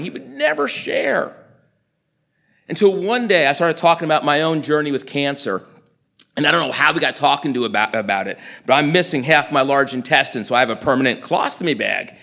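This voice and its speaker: A middle-aged man from New York City giving a storytelling sermon, acting out conversations in quick animated bursts. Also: a little high, gravelly. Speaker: guest preacher.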